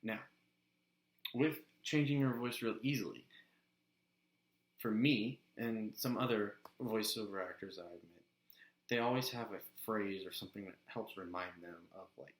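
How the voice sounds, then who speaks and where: Brief: laid-back male voice actor chatting tips, somewhat low, roomy echo. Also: a little slow. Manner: relaxed, chatty, slips into demo voices. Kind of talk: casual instructional vlog.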